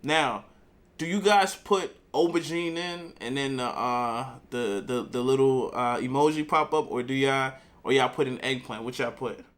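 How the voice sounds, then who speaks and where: A man's voice: mid-range voice, normal speed, fairly bright tone. New York man reacting casually. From Harlem, New York. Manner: loose street slang, addresses viewers directly. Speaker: reaction video host.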